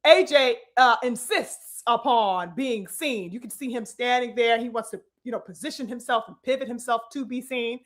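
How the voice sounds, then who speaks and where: A woman giving animated, profane live-stream commentary on boxing. She talks straight to her viewers and calls them brothers and sisters. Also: sits high.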